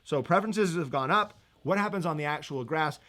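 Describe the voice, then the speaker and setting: A man's voice: fairly high pitch, a little fast, a bit bright. A man teaching economics in a live-stream review, chatty and upbeat, laughing easily as he reads viewer comments.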